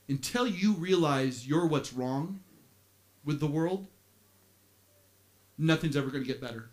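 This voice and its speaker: A man preaching a sermon as pastor, animated, with playful asides, swinging from quiet stretches to shouting. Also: on the high side, unhurried.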